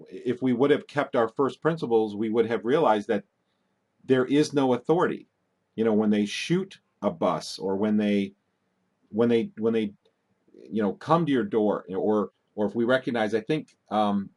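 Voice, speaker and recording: A man's voice: mid-range voice, darkish tone. A man hosting a call-in talk show, rambling and getting worked up, with many restarts.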